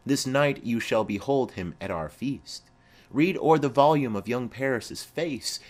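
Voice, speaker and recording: A man reading the part of a formal, commanding noblewoman speaking to her daughter in measured declamation. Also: medium pitch.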